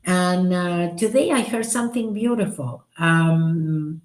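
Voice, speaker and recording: A middle-aged woman, a spiritual teacher leading a recited prayer and chatting casually, soft-spoken and laughing at her own slips. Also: fairly low pitch, slow. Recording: echoey room.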